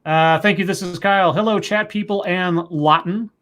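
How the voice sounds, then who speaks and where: A man's voice: high-pitched, moderate pace. A man hosting a casual online talk show, greeting listeners and chatting in an upbeat way. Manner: upbeat, animated host banter. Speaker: podcast host. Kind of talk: casual chat.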